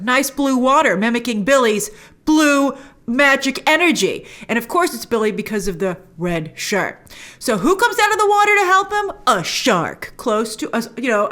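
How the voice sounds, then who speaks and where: Female host, casual reaction recap, bright swooping delivery, fairly high. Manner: animated, jumps into quoted voices of characters. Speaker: host reviewing a TV episode.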